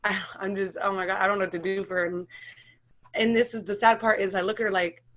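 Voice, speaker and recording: A woman's voice: medium pitch, fairly bright tone. A woman in her thirties with an American accent, telling her personal story in an emotional, rambling way with many restarts and nervous laughs. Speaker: interviewee.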